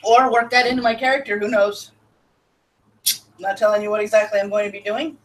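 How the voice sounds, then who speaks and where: A woman's voice: medium pitch, flat delivery, fairly quick, a bit bright, distant mic, poor audio. A woman hosting a casual live-stream show, chatting, laughing often and answering her chat.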